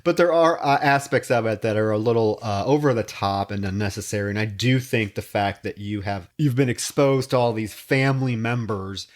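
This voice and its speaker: Man casually recapping a horror film. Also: lowish voice. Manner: retells scenes with quick voiced quotes. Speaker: podcast co-host.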